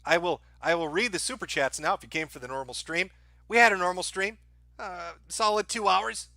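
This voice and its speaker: A man's voice: high-pitched, a little fast, sharp tone, no echo, studio quality. A man hosting a live stream, ranting sarcastically and profanely to his chat, often breaking into laughter.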